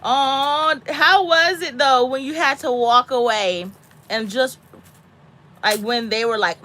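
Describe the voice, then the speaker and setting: A woman in her thirties or forties, a mother talking casually with a friend, animated and dramatic, breaking into high squeaky voices when she quotes herself. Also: measured pace. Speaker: homesteading mom chatting with a friend. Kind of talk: casual chat.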